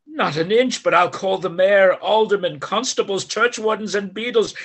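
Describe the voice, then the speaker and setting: A man's voice: high voice, moderate pace, fairly bright tone, breathy edge. A man reading a servant's part aloud in a live play reading, frantic and urgent. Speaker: volunteer reader playing a servant.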